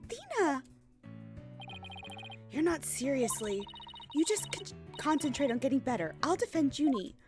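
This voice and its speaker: A woman's voice: sits high, very animated, moderate pace, pauses often, music in the background. A woman voicing a determined, loyal young female lawyer, speaking earnestly and upbeat.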